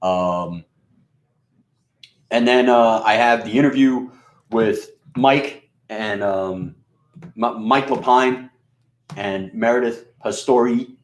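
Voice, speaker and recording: A man's voice: lowish voice, slow pace, pauses often. A man from New York with a scratchy, rustic voice and a mixed Queens and Bronx accent, rambling through a profane, casual monologue full of fillers and restarts. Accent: New York mix of Queens and Bronx. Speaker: radio and video host. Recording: roomy echo.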